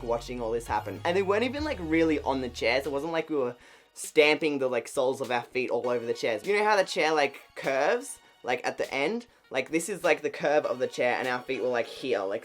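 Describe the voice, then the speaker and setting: Fast-talking young Australian YouTuber telling a story. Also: medium pitch. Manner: rambling, heavy use of "like". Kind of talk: casual storytime vlog.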